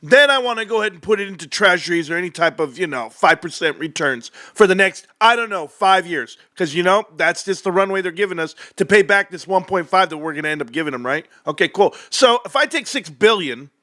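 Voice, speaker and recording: A man hosting his own stock market stream, ranting and laughing, swearing often and swinging between loud outbursts and muttered math. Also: fairly high pitch, animated, fairly quick, no room sound, clean studio sound. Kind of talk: excited livestream rant.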